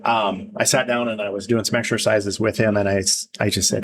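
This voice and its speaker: A man's voice: fairly low pitch, steady tone, fairly quick, few pauses, fairly bright tone, slight background noise. A man guesting on a podcast, chatting casually, telling a rambling story with lots of laughs and acting out other people's lines. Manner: rambling, laughs often, acts out quoted voices. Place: podcast studio.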